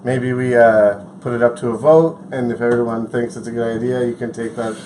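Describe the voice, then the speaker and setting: A man's voice: mid-range voice, fairly even intonation, brisk, darkish tone, slight background noise. A man talking in casual chat, earnest and a bit apologetic.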